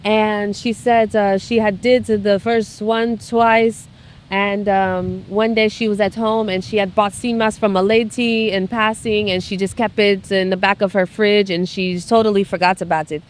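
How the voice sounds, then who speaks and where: A woman in casual conversation who tells a story in a halting way, with many fillers and restarts. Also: mid-range voice, level tone, slight background noise.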